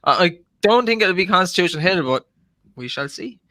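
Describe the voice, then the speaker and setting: A man hosts a betting podcast with quick jokes and teasing banter. His voice sits high and bright. The sound is dry and close to the mic. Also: expressive, no echo. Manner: joking, teasing, laughs often. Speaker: podcast host.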